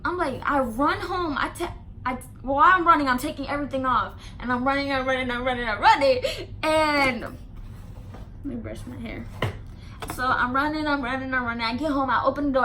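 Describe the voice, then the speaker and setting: A woman vlogger telling a casual storytime, animated and emphatic, swearing freely with lots of "like" fillers. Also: high-pitched, slight background noise.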